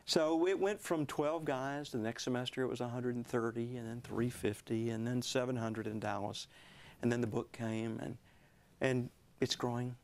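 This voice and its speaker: A man in his sixties, a guest author telling a personal story in a television interview, earnest and at times dropping to hushed tones. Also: mid-range voice, fairly even intonation, normal speed.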